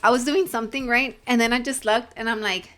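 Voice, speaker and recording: A woman's voice: fairly high pitch, steady tone, fairly quick, a bit bright. A woman co-hosting a podcast, telling stories in casual chat and checking in with "right?" often. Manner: talkative, storytelling with lots of "like" and "right?". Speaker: podcast co-host.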